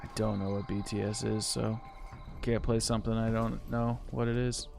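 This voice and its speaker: A man's voice: fairly low pitch, level tone, moderate pace, vocal fry, music in the background. A man casually chatting on a live stream while gaming, rambling and reading chat aloud.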